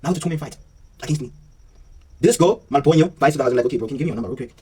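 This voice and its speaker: A man's voice: mid-range voice, very fast, distant mic, a little hiss or hum. A man telling a story in a casual, slangy vlog monologue, acting out the lines of the people in it. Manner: slangy, animated retelling with acted-out dialogue.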